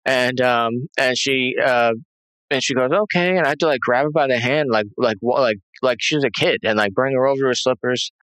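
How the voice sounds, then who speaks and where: A man giving a halting, rambling personal testimony as an interview guest, full of fillers and restarts. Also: medium pitch, steady tone, a bit bright, smooth, no room sound, rough recording.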